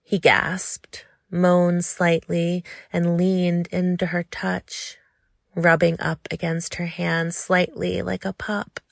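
Woman, audiobook narration, low-key, intimate, slow, gravelly, dry close sound. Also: completely flat delivery, no room sound.

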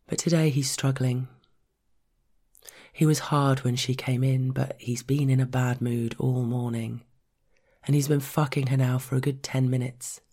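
Man, narrator, story reading, steady, measured delivery. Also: mid-range voice, gravelly. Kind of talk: scripted narration of an adult story.

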